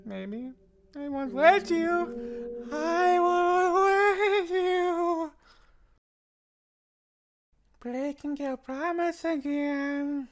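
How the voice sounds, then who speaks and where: A man voicing a menacing, possessive mother figure in a horror game, talking in a soft, taunting, drawn-out way. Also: very high voice, voice pushed up, exaggerated voice.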